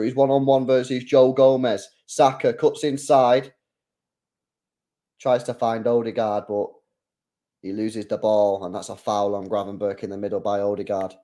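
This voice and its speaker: A man hosts a live football watch-along in a voice on the low side, keeping a moderate pace. He reads chat aloud, talks casually in slang, and lets out excited outbursts when the play heats up.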